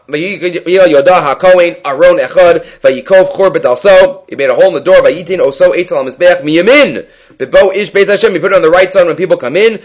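Man, fairly high voice, Talmud class lecture, quick and animated, dull lo-fi recording. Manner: quick, animated, mixes Hebrew and Aramaic terms into English explanation. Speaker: Talmud teacher. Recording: lo-fi muffled recording.

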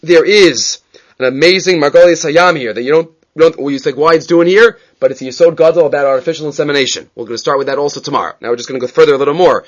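A man's voice: on the high side, rapid-fire. A man giving a Talmud class, reading Hebrew and Aramaic texts aloud and explaining them in English. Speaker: Talmud teacher. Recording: dull lo-fi recording.

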